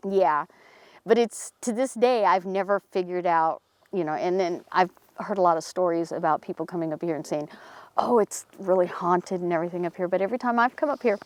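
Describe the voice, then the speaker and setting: A woman's voice: a little fast, no room sound. A woman outdoors in a cemetery, telling a story casually and acting out the voices of the people in it. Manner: animated, acts out quoted voices in a higher pitch. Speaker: paranormal team member telling a local story.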